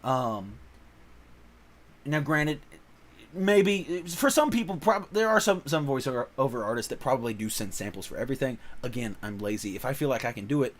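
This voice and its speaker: Rambling man with a middle-pitched voice. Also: normal speed. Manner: animated, many fillers and restarts, laughs often. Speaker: voice-over actor and comics channel host. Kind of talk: casual rambling chat.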